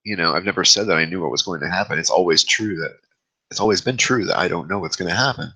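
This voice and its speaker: This vlog host's voice sits low and is slightly rough, with a sharp tone and quick pace. He talks at length and candidly about his fears in a confessional monologue, self-recorded on his own camera mic, with a rough recording.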